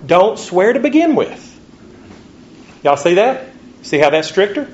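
Preacher, slow scripture reading. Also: male voice, sing-song, darkish tone, a little hiss or hum. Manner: reads scripture slowly, rising pitch on rhetorical questions. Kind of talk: sermon. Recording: dull lo-fi recording with faint ambience.

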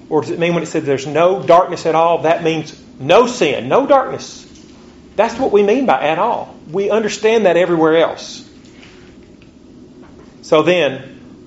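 Preacher, slow scripture reading. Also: male voice, a little hiss or hum. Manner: reads scripture slowly, rising pitch on rhetorical questions. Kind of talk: sermon. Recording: dull lo-fi recording with faint ambience.

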